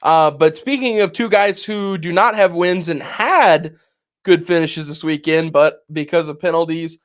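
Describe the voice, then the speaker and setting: With an unhurried delivery and a voice on the high side, a podcast co-host in his twenties tells a story in casual conversation, reenacting how he reacted back then.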